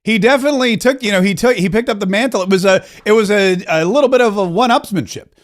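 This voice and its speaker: A man's voice: high-pitched, quick pace. A man hosting a political commentary show, talking casually and emphatically, rambling with frequent restarts.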